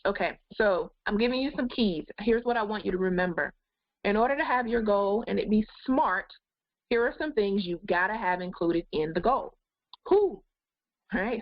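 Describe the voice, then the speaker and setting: A woman's voice: medium pitch, no echo, dull audio. Encouraging woman coaching a webinar. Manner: encouraging, addresses viewers directly. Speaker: life coach hosting a webinar. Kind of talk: live goal-setting webinar talk.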